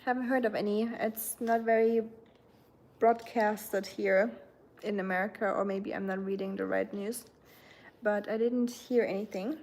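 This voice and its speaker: Dark-voiced woman chatting. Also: medium pitch, steady tone, measured pace. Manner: chatty, rambling, with frequent fillers. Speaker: livestream host. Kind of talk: casual chat reading viewer comments.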